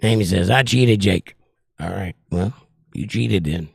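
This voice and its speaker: A man hosts a casual livestream, reading viewer comments out loud and joking back, his voice strained and short of breath. It's low, gravelly, husky, and a little mellow, and he speaks unhurriedly. The recording is dry and of studio quality.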